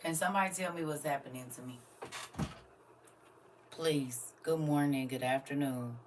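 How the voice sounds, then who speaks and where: A middle-aged woman chatting casually to viewers on a live stream, emotional and animated, laughing often and swinging from quiet musing to loud exclamations. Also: sits low, moderate pace, a little hiss or hum. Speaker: livestream host.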